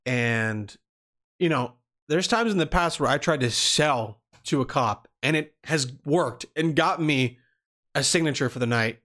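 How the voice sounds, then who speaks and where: A man's voice: mid-range voice, a little slow, fairly bright tone. A man telling a long personal story in casual talk, rambling with restarts and swearing freely. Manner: rambling, swears freely, acts out quoted people.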